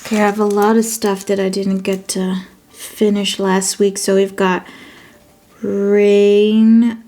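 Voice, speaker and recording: A woman's voice: medium pitch, completely flat delivery, normal speed, a little mellow. A woman with a Dutch accent, a native Dutch speaker, chatting casually as she sets up her journal, thinking aloud and correcting herself as she goes. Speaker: vlogger. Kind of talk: casual chat while journaling.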